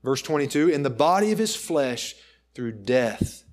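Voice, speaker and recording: Male preacher, mid-pitched voice, emphatic pulpit delivery rising loud and dropping soft. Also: sing-song. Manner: emphatic preaching, swinging between loud and soft, slows to stress. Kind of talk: sermon. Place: church.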